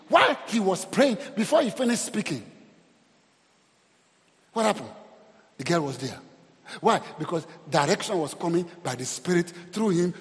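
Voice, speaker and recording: A man preaching a sermon as pastor, calling out praise and exclamations to the congregation. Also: on the high side. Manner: preaching with call-and-response exclamations. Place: church hall. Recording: long hall reverb.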